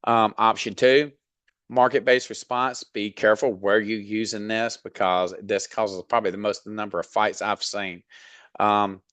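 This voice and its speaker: A man with a Southern drawl talks through a freight dispatching lesson in a low, steady voice. He is blunt and folksy, drops in mild cursing, and fills pauses with ums and you-knows. The recording is dry and close. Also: clean tone, no room sound. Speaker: dispatch trainer. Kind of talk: casual instructional talk.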